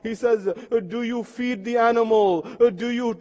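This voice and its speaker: A man preaching a sermon in a mosque, impassioned, rising loud on chanted poetry and sinking low and quiet on laments. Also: a little slow, muffled recording. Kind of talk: sermon with recited Urdu poetry. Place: mosque hall. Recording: live stream with long hall reverb.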